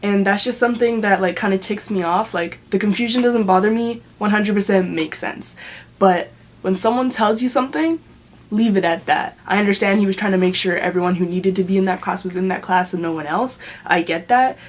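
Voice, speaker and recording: A young Canadian woman vlogger tells a story to camera in a casual, chatty rant, full of fillers and laughing mid-sentence. Her voice is medium-pitched and a little fast.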